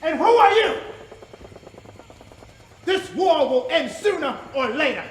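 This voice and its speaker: A man's voice: sits high, very animated, a little slow, a bit bright, reverberant, a little hiss or hum, full character voice, rough recording. An actor playing a defiant, educated prisoner of war who argues back and accuses his captor. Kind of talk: indie film drama.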